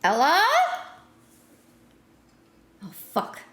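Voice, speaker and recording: A woman streamer chatting casually on a live stream, stumbling and searching for words, then getting excitable. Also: very slow, reverberant.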